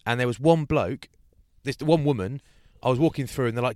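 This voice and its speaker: In a studio-quality recording free of echo, a male podcast co-host narrates a story in relaxed chat, animatedly impersonating the people in it. His medium-pitched voice is clear and resonant, and he talks fairly quickly.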